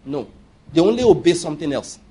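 A man's voice: on the high side, very animated, brisk, mellow, slightly rough. A man preaching a sermon, emphatic and often asking his listeners rhetorical questions.

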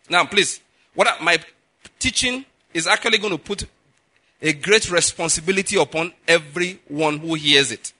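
A man's voice: fairly high pitch, bright, forceful tone. A man preaching a sermon as a pastor, emphatic, often checking in with the listeners with asides. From Nigeria.

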